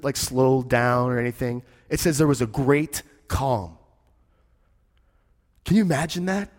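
A male pastor preaching a conversational sermon, telling the story with animation and dropping quiet for emphasis. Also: mid-range voice, big-room sound.

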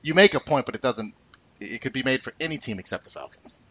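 A man's voice: medium pitch, animated, quick pace, bright, forceful tone. A man hosting a casual sports podcast, reading listener comments with laughing asides.

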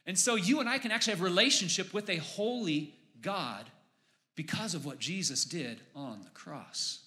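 A pastor preaching a sermon in church, building to emphatic, raised exclamations on key points. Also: male voice, on the high side, animated, normal speed, bright, forceful tone.

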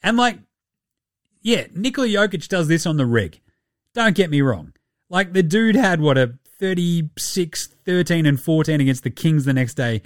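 A man's voice: a little high, animated, moderate pace, no echo, studio quality. A man hosting a basketball podcast, ranting with heavy swearing and putting on mock voices. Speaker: podcast host. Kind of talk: profane basketball commentary podcast.

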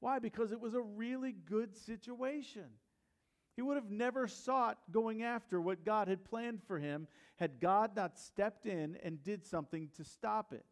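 Male pastor, fairly high voice, storytelling sermon, questions the congregation. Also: a little mellow.

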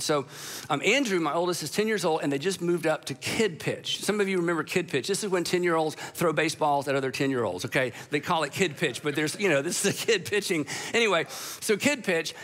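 A middle-aged male preacher tells a personal story to his congregation, mixing humor into the sermon. His voice sits high and sounds bright and ringing, and his delivery stays lively throughout.

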